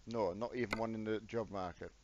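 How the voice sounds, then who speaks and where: A man's voice: lowish voice, fairly even intonation, fairly quick. A middle-aged man, chatting casually and self-mockingly to viewers by name while live-streaming a game. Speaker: gaming streamer. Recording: dull lo-fi with loud truck game noise.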